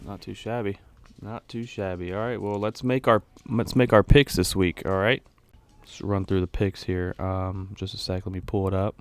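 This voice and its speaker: A man co-hosting a casual sports podcast, relaxed and running the segment. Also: sits low, moderate pace, smooth, no echo. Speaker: podcast co-host.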